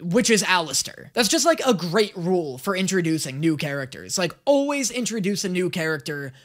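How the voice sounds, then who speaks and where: A casual reaction-video host riffing sarcastically between clips and swearing freely. The delivery is animated, with the pitch swinging up and down a lot. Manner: sarcastic, profane, quick asides.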